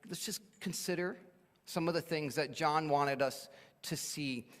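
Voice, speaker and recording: A man's voice: on the high side, a little slow, fairly bright tone. Man preaching in a reverberant church. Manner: expository preaching, acts out quoted speakers. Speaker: pastor. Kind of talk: sermon. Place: church sanctuary. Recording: long church hall reverb.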